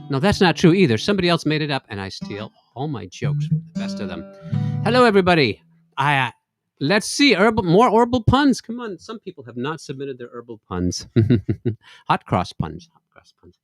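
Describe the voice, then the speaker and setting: A man's voice: mid-range voice, no echo, studio quality. A man hosting a casual live stream, joking in puns and reciting comic rhyming verse. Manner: playful, punning, self-deprecating jokes. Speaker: livestream host.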